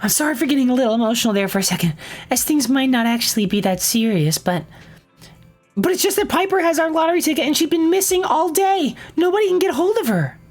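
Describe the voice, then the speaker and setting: A woman voicing a bubbly, generous young woman who is cheerful and excitable in a game. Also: fast talker, faint music behind. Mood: worried. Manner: playful, high-energy, dramatic.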